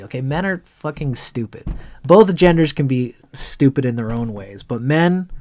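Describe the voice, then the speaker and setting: A male astrologer on a livestream chart reading, talking at a middling pitch in a loose, rambling stream. He is blunt and swears casually as he wanders from point to point. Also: a little mellow.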